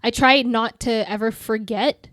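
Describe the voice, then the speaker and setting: A woman's voice: fairly high pitch, fairly even intonation, a little slow, fairly bright tone, no room sound, clean studio sound. A woman guest on a podcast, chatting casually about her work, with lots of "like" and "you know" as she talks. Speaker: guest content creator.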